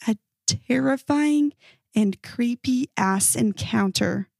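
A woman narrating a creepy first-person story in a measured, earnest way. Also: fairly high pitch, gravelly, a little mellow, no room sound. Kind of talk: reading creepy online stories aloud.

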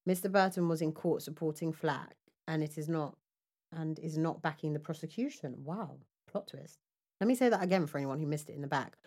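A woman's voice: low-pitched, a little fast, a little mellow. A woman co-hosting a casual chat, reading out news stories with laughter and asides. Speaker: podcast co-host.

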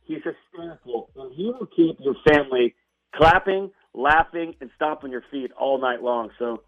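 Booming showman of a man on a dull phone line. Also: moderate pace. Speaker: rodeo announcer guest. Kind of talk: phone interview.

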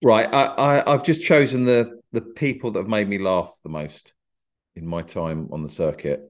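A man's voice: on the low side, normal speed. A man guesting on a podcast, talking shyly with dry, self-deprecating humour. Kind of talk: casual podcast interview.

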